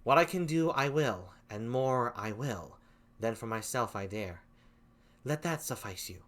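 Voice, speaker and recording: A man voicing Desdemona, a gentle young noble wife, with an attempted English accent in an amateur Shakespeare reading. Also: medium pitch, lively intonation, unhurried, voice pushed down. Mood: sorrowful.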